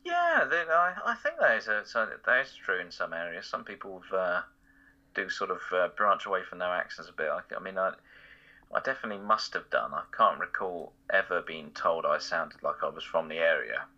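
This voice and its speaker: A man's voice: deep voice, brisk, bright, forceful tone, muffled recording. A man from Essex, just outside London, chatting as an impressionist guest in a rambling way with lots of fillers and chuckles. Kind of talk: casual conversational interview.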